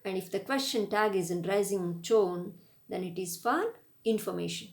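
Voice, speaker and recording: A woman's voice: mid-range voice, normal speed, vocal fry, darkish tone. Give me a woman teaching grammar in an echoey room. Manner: patient, explanatory, demonstrates rising and falling intonation. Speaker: English lecturer. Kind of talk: recorded grammar lesson.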